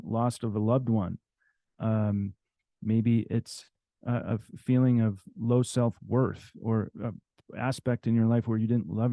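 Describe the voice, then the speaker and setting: A man presents to a live audience in a warm, relaxed tone. He repeats his key phrases and keeps checking in with "okay?" and "right?". The recording is dry and close. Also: medium pitch, no room sound. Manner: repetitive, coaxing, tag questions like "okay?".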